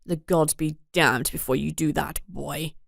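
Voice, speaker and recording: A woman's voice: sits low, steady tone, unhurried, vocal fry, no echo, clean studio sound, voice pushed down, heavily acted. Woman doing a snarling brute of a father. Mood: menacing. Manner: snarling, threatening. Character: brutal, raging middle-aged father.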